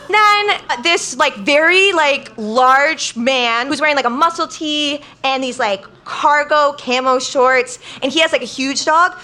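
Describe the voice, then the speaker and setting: Young woman spinning a funny story on stage, high bright voice, chatty and quoting everyone. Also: normal speed, few pauses. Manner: chatty, peppered with "like", quotes people in lively bursts. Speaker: guest storyteller. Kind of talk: comic storytelling to a live crowd. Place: live show stage.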